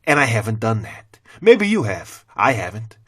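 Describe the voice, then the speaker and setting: A middle-aged man, a former teacher, delivering a blunt, profane opinion rant to the camera with heavy cursing and sudden loud swings into mockery. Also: fairly low pitch, very animated, normal speed, slightly rough. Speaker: former teacher turned channel host.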